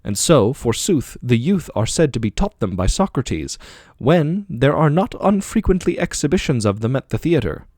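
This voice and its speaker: A man's voice: mid-range voice, sing-song, normal speed, a little mellow, no room sound, clean studio sound. A man reading the part of an aging male philosopher defending himself in court, with probing, rhetorical questioning. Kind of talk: audiobook dialogue reading.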